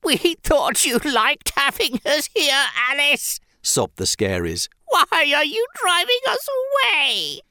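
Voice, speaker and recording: A woman with a British accent reading a children's picture book aloud in an expressive storybook style. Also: slow pace, few pauses, no echo, studio quality. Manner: expressive, shifting into snarling and squeaky voices.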